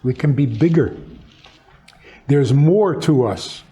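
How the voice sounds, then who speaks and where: Speaking slowly in a warm, animated voice, a rabbi teaches through conversation. He tells stories and reflects as he goes, and his voice climbs higher when he acts out what people said.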